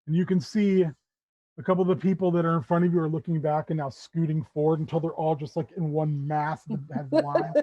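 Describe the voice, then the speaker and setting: Brief: man running a tabletop game, a bit high, loose rambling narration, dry lo-fi mic. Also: level tone, fast talker, warm tone, no echo. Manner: loose, rambling, many fillers. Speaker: game master.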